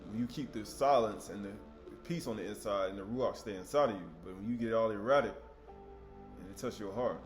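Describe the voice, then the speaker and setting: A man preaching a sermon in a conversational, animated way, with sudden loud outbursts. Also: on the low side, brisk, faint music behind.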